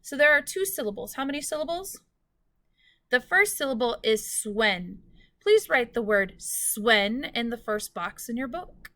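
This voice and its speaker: A woman teacher giving a recorded phonics lesson, speaking slowly and clearly and stretching out words for students. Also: a little high, animated, sharp tone.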